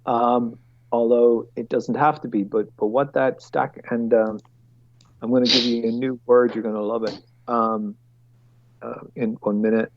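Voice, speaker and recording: Blunt guy running a team video call, gravelly voice, swears a lot, dull lo-fi audio. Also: mid-range voice, level tone, measured pace, a little hiss or hum. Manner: blunt, swears freely, rambles into rants. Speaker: product owner leading a team meeting. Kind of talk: casual meeting explanation. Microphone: computer mic on a video call.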